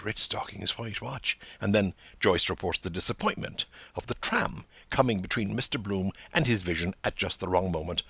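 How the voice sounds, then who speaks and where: A man lectures on a novel with eager enthusiasm, reading passages and acting out the quoted lines. His voice sits low but swoops widely, with a gravelly, husky edge. The sound is close and dry. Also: fairly bright tone, no room sound. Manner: enthusiastic, acts out quoted dialogue. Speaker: podcast host and literary lecturer.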